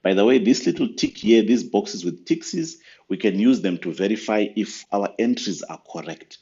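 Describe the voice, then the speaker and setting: A very low-voiced man gives a patient, step-by-step software walkthrough for church accounts. His talk is sprinkled with ums and uhs. The audio is muffled and lo-fi, like a basic screen recording. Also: expressive, moderate pace. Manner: patient, step-by-step explaining with fillers. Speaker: church finance software trainer.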